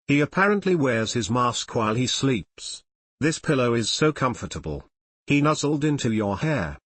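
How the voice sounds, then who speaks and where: Man, fan fiction reader, animated storytelling, lively pitch, dry close sound. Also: dry recording. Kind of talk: audiobook reading of fan fiction.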